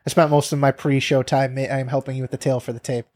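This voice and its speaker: A man's voice: medium pitch, little pitch movement, quick pace, a little mellow. A man co-hosting a podcast, giving blunt opinions in casual chat, with many fillers. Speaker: podcast co-host.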